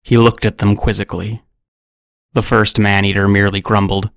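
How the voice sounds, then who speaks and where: Gravelly low-voiced man narrating a story. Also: flat delivery, normal speed, dry recording, studio quality. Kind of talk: scripted narration.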